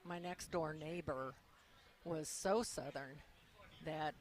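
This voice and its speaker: A woman's voice: low voice, slow pace. A woman from Ohio with a Midwestern accent, chatting as a guest on a radio show. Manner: chatty, reads a question aloud. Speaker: caller. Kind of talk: casual radio chat.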